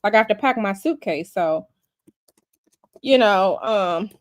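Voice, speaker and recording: A woman's voice: mid-range voice, expressive, a little slow, no room sound. A woman hosting a casual livestream, chatty and sassy, calling her viewers y'all and baby. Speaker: livestream host.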